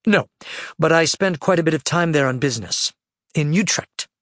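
A kindly older grandfather, chatty and friendly, with a raised, lively voice, as a male audiobook narrator puts him on. The sound is dry and close. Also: fairly high pitch, moderate pace, dry recording.

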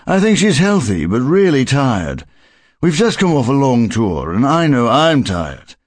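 Tired, polite traveling magician, a man doing the voice, animated delivery. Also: medium pitch, a little slow, no echo. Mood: weary. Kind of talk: audiobook character voice.

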